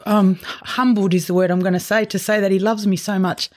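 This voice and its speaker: A woman's voice: medium pitch, steady tone, darkish tone. Open, emotional Australian woman. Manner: open and emotional, quick asides. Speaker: guest sharing her recovery story. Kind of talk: candid conversational interview.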